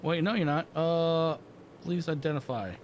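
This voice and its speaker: A man's voice: a little high, measured pace, slight background noise. A man hosting a gaming channel, giving casual commentary and reacting aloud as he plays a naval combat game. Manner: excitable, reacting aloud while playing.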